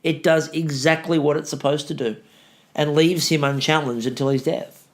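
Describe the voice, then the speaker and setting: A man's voice: fairly high pitch, steady tone, moderate pace. A male history teacher co-hosting a casual podcast, sarcastic and joking, rambling with restarts.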